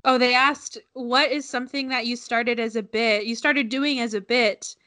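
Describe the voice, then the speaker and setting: A woman's voice: on the high side, fairly even intonation, moderate pace, pushed and bright. A young woman co-hosting a podcast in casual chat, rambling with restarts and laughing often. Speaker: podcast co-host.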